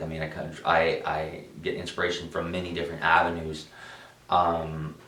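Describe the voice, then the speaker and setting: Deep-voiced man telling a story, roomy. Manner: animated storyteller, acts out quotes, frequent restarts. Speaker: musician interviewee. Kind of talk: storytelling interview answers. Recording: roomy, distant mic.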